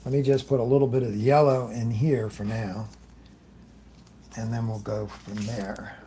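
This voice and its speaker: A man's voice: medium pitch, level tone, moderate pace, dark tone, slight background noise. A man hosting a live airbrush demonstration, chatting loosely as he works, greeting viewers and often trailing off mid-thought. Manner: talks while working, trailing off often. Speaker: airbrush artist hosting a livestream.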